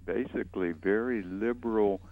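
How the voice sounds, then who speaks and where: A man's voice: fairly low pitch, creaky, narrow, tinny audio, a little hiss or hum. A man co-hosting a radio talk show, reacting and laughing in casual chat. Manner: quick reactions, easy laughs. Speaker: radio co-host.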